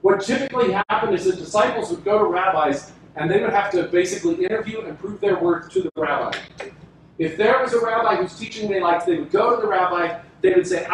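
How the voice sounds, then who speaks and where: A man with a high voice preaches a sermon, stretching out words and pausing for emphasis, sometimes acting out quoted lines. He sounds set back from the mic in a very echoey church hall. There is a faint hiss behind him. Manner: emphatic, dramatic pauses, acts out quoted lines. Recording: echoey room from a distance with faint noise.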